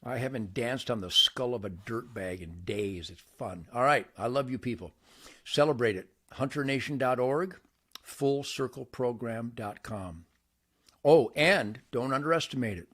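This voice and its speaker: An older man hosting his own show, ranting boastfully to camera by a campfire outdoors, with wild swings between shouting and muttering. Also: normal speed. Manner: brash, boastful, loud swings in pitch and volume.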